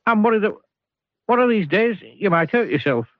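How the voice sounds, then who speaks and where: The voice of an anxious little storybook man, high and squeaky. He frets over everyone he meets. The sound is dry and a little dull. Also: lively intonation, moderate pace, no echo. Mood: fretful.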